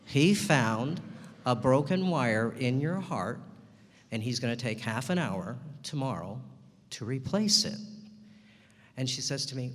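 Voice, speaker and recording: A man giving a ceremony speech, telling a story and acting out the dialogue in lively turns. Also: medium pitch, unhurried, long pauses. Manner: animated storyteller acting out both sides of a dialogue. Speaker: ceremony speaker. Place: large hall. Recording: long hall reverb.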